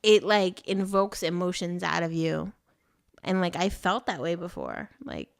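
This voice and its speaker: A woman's voice: on the low side, sing-song, measured pace, gravelly, clear, resonant tone. A young woman co-hosting a casual podcast chat, blunt and teasing, swearing freely. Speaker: podcast co-host.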